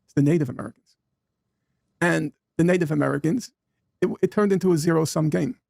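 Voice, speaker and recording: A man in a debate speaking in a measured way, listing words with pauses. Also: a little high, gravelly, a little mellow, no room sound, studio quality. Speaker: debate guest.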